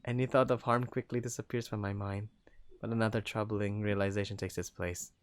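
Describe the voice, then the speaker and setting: A young man reading a first-person story aloud in an animated, jokey way, voicing the characters. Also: fairly low pitch, brisk, smooth, no echo. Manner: animated, jokey asides and laughs between lines. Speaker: story narrator.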